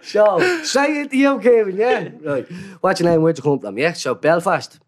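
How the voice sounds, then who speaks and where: A man's voice: high-pitched, lively intonation, moderate pace. A man co-hosting a podcast in casual, sweary, teasing banter. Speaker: podcast co-host.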